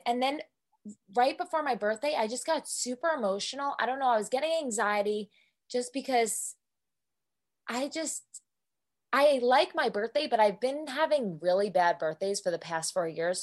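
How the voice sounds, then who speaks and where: A woman's voice: on the high side, animated, normal speed. A young woman co-hosting a podcast, chatting candidly and emotionally, swearing freely as she vents about her life. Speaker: podcast co-host. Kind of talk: casual solo podcast chat.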